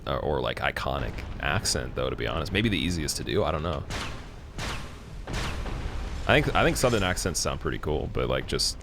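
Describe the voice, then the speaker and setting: A man's voice: a bass voice, big pitch swings, normal speed, long pauses, background noise. A man from Canada chatting casually with viewers while streaming a game, rambling with plenty of fillers. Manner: rambling, many fillers and restarts. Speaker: livestreamer.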